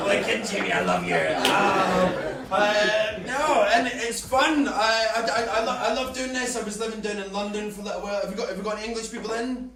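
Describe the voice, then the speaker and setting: High-voiced Scottish man doing stand-up. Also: very noisy. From Scotland. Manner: chatty, teasing the crowd, stammering restarts. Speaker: stand-up comedian. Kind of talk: stand-up comedy set. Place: comedy club stage. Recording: roomy club sound from a distance with loud crowd.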